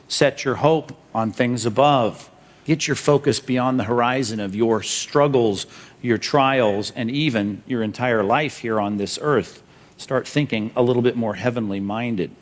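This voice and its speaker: A middle-aged man preaching a sermon as pastor, emphatic, with rhetorical questions and numbered points to jot down. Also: medium pitch.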